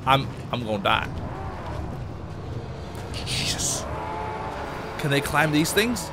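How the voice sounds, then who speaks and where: Male gaming host, let's play commentary, jumpy and excitable, car engines and gunfire clearly heard underneath. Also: mid-range voice, slow, long pauses, slight background noise. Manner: excitable, panicky exclamations under fire.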